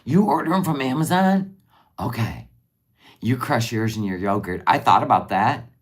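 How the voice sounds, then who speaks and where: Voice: mid-range voice, expressive, moderate pace. Casual live-stream chatter, rambling, talks to viewers, crafting at a desk. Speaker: livestream crafter.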